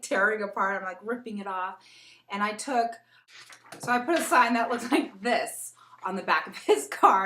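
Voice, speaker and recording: A young woman chatting casually in a get-to-know-me vlog, animated and laughing as she tells a story. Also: on the high side. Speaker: beauty vlogger. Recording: echoey room.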